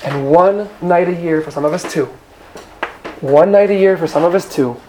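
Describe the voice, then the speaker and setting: A man teaching a Torah class to women, lively, acting out quoted speakers and often checking in with his listeners. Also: a little high, normal speed, slight background noise.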